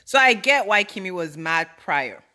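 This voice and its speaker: A young adult woman giving a casual reality TV recap, animated, exasperated and full of slang. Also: mid-range voice, normal speed.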